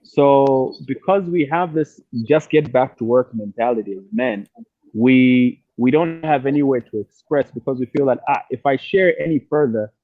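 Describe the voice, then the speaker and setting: A man's voice: medium pitch, no room sound. A man, a musician, talks reflectively in a casual interview from outdoors, with many restarts and fillers. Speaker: musician guest. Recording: dry tinny phone-like line.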